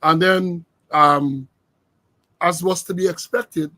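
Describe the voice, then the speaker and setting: A man's voice: a little high, fairly even intonation, takes it slowly, bright, forceful tone, no echo. A man hosting political commentary, emphatic, repeating himself with many fillers. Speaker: host.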